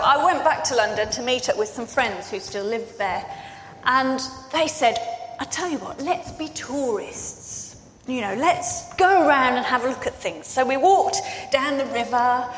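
A woman's voice: fairly high pitch, slight background noise. A woman preacher telling a chatty personal story as part of a sermon. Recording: echoey hall with long reverb.

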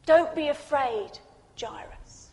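A woman preacher voicing Jesus as a gentle, comforting man, speaking softly and slowly. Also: high voice, gravelly, heavily acted. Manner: soft, slow, comforting. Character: gentle, reassuring male Jesus. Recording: long reverb in a large hall.

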